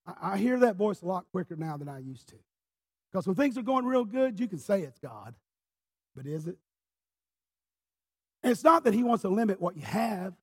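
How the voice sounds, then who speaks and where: A pastor preaching a sermon in church, telling his story with passion, dropping low and then rising to shouts. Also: big pitch swings, normal speed, pauses often, husky. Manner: impassioned storyteller, swinging from quiet to shouting.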